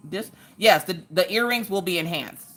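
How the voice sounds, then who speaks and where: A woman's voice: fairly low pitch, moderate pace, faint music behind. A woman, chatting casually with her livestream audience from her couch at home while she crafts, laughing often and greeting viewers by name. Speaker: livestream host.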